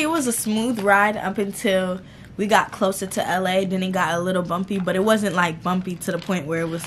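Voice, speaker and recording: A young woman from Georgia in the US, chatting casually to her viewers in a vlog, relaxed and slangy, calling them y'all. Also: mid-range voice, roomy sound, slight background noise. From Georgia, USA. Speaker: vlogger. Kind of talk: casual vlog chat to camera. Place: hotel room.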